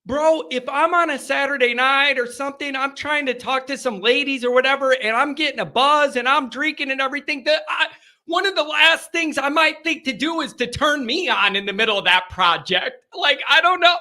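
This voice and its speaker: A man hosting a live late-night call-in sports show, rowdy and animated, chatting with his viewers. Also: extremely high pitch, moderate pace. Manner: rowdy, animated, talks to the chat.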